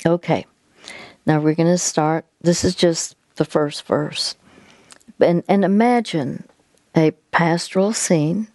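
A woman hosting a Christian call-in counseling show, gently coaching a caller and guiding her through slow deep breaths, with many halting restarts. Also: fairly even intonation, no room sound. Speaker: radio counseling host.

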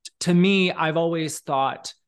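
A man's voice: a little high, unhurried, smooth. A man hosting a podcast, gushing and chatty in casual talk, full of "like" and "um". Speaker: podcast host. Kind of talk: casual chat.

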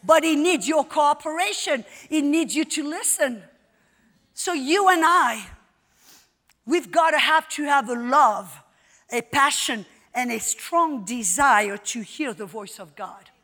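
A woman's voice: sits high, animated, slow, sharp tone, in a large hall. A woman Bible teacher preaching a sermon at a live event. She speaks emphatically and repeats her phrases with rising force. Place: large hall at a live event.

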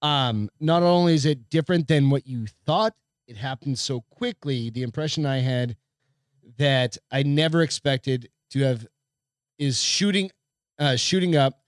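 A man's voice: medium pitch, measured pace, clean tone, dry recording, studio quality. A man co-hosting a casual podcast, joking loosely with heavy swearing and reading news stories aloud. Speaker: podcast co-host.

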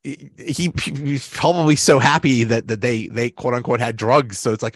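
A man's voice: mid-range voice, fairly even intonation, normal speed, hardly any pauses, no echo. Chatty man podcast host, dry sound. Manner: chatty, laughs often, acts out quotes. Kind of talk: casual chat.

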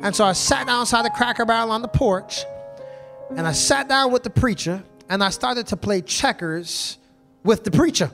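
A male preacher tells a story from the pulpit in a very high voice. He keeps checking in with the congregation and asking for an amen. Soft music plays behind him in the church. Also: animated, normal speed. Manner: call-and-response, repeatedly asks the congregation "y'all". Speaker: pastor. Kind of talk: storytelling sermon.

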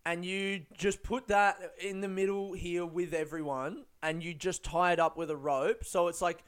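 A man's voice: sits high, fairly even intonation, normal speed, few pauses, clean tone. A young man telling a rambling, swear-filled story, full of fillers and laughs. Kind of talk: casual storytelling.

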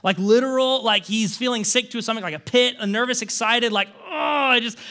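A male pastor delivering a conversational sermon. His voice is unusually high for a man, bright and forceful, and he tells the story in an animated way, full of rhetorical questions and a casual "like". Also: brisk.

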